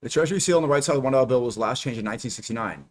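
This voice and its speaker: Fast-talking guy on a reaction stream, teasing, lots of questions. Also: medium pitch. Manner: animated, teasing, rapid questions. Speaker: streamer and host. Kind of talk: casual reaction stream chat.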